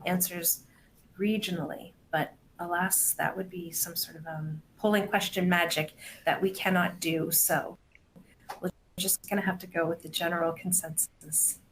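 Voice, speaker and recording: A woman's voice: fairly low pitch, a little hiss or hum, low-quality recording. A woman hosting a business webinar, reading poll questions and a guest introduction in a chatty, upbeat way. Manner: chatty, upbeat, reads polling questions aloud. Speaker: webinar host.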